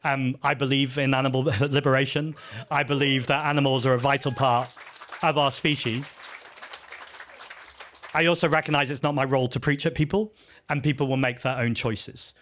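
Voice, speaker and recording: A man's voice: medium pitch, steady tone, normal speed, fairly bright tone, a faint crowd. Chatty man answering questions at a festival. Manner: earnest, chatty, self-deprecating, frequent ums and restarts. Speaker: party leader answering audience questions. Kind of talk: live Q&A at an outdoor festival.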